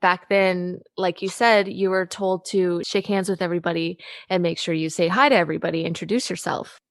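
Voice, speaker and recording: Female podcast host, lower range, quick to interject, dry booth. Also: fairly even intonation, no room sound. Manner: laughs often, jumps in. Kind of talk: casual interview chat.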